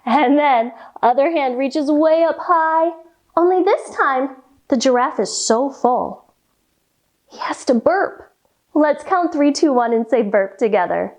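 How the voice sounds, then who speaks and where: Woman kids'-yoga teacher, high and very lively, slow and sing-song, playful with animal sounds. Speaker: children's yoga instructor. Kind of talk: kids' yoga and story warm-up lesson.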